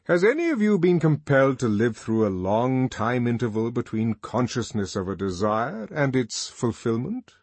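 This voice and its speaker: A man's voice: medium pitch, sing-song, normal speed, hardly any pauses, darkish tone, no room sound, pitched above the performer's own voice. A man voicing an older, commanding world controller in an audiobook, lecturing in a lofty, emphatic way.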